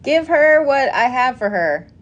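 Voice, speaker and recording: A woman hosting a casual live stream, telling stories with lots of swearing and lively asides to her audience. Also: high-pitched, unhurried, lo-fi sound. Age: adult parent. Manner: animated storytelling, frequent swearing. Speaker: live-stream host making custom bracelets.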